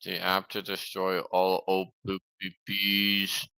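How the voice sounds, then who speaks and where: A man streaming and chatting casually in a rambling, halting way. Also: low voice, completely flat delivery, sharp tone, smooth, no echo, poor audio.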